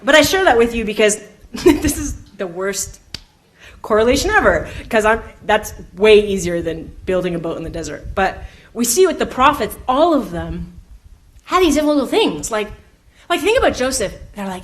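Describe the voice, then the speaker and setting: A woman's voice: mid-range voice, big pitch swings, normal speed, a little hiss or hum. A young woman in her twenties speaking at a youth event, telling funny personal stories that lead into a faith message. She laughs often, says "like" a lot and acts out the people in her stories. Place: indoor community event room.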